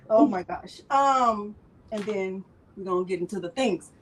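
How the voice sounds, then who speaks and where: A woman's voice: mid-range voice, slow, slightly rough, rough recording. A woman hosting a live crafting stream in casual chat, rambling and emotional, often repeating herself.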